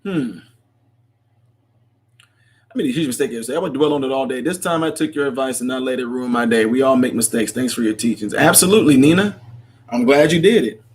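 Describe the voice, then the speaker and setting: A man's voice: medium pitch, brisk, husky. Chatty man hosting a live chat. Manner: chatty, laughs often, rambling. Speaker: livestream host. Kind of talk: casual live chat reading comments.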